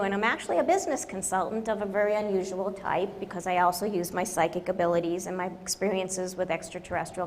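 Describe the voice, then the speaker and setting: A woman business consultant giving a humorous conference talk, joking and self-deprecating, with emphatic stresses. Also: medium pitch. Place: large conference hall. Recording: reverberant conference hall, faint noise.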